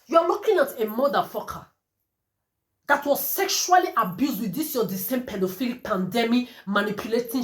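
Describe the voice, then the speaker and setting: Ranting woman. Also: a little high. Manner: ranting, defiant, profane. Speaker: vlogger. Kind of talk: angry monologue to camera. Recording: roomy echo.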